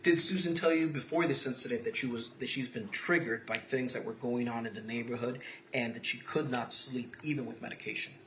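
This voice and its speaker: A man's voice: mid-range voice, fairly quick, hardly any pauses, fairly bright tone. Male attorney, formal courtroom questioner, echoey room with a faint hiss. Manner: formal, leading yes-or-no questions. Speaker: defense attorney.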